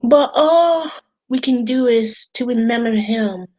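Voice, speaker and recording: A woman's voice: on the high side, slow pace, a little mellow, poor audio. A woman talking casually to camera about wrestling, rambling and repeating herself, emotional and swearing at times. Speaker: wrestling vlogger. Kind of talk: casual vlog talk.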